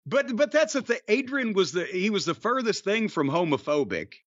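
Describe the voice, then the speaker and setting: High-voiced profane storytelling man. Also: normal speed, dry recording, lo-fi sound. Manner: profane, rambling, animated anecdotes with restarts. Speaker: podcast co-host telling wrestling stories. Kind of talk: casual storytelling chat.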